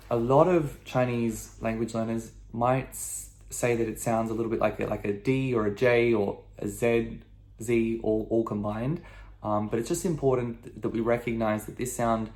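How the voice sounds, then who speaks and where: Man, mid pitch, patient video-lesson teacher who checks in with "okay?". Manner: patient, says "okay?" over and over, stresses the tones loudly. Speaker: language teacher.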